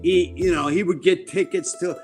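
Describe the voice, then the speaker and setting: A man in his seventies tells stories bluntly, with plenty of swearing, and acts out what others said. His voice sits fairly high for a man. Soft music plays behind him. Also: fairly even intonation, normal speed. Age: 70s. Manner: blunt, profane, quotes people in their voices. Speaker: interview guest. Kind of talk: casual storytelling interview. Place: a home.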